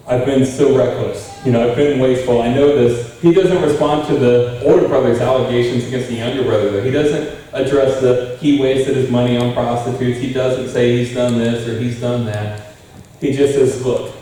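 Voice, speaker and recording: A man's voice: mid-range voice, warm tone. A young man, a pastor, preaching a sermon in a casual, conversational way and often asking the congregation questions. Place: church sanctuary. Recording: very echoey room, far from mic.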